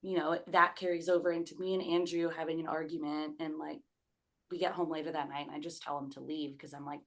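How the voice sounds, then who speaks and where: Low-voiced young woman telling her story. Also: little pitch movement, brisk, a bit bright. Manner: conversational, many "like" fillers, acts out quoted speech. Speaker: podcast guest. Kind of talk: personal storytelling.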